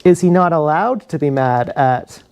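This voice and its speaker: Gravelly man rambling on a livestream. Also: fairly high pitch, expressive, normal speed, muffled recording. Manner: meandering, confessional, laughs at own stories. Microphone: action camera.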